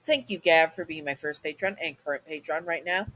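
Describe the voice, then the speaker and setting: A woman's voice: low voice, brisk, fairly bright tone, rough recording. A woman casually reading a second-person fan audio story, often stumbling over and restarting words.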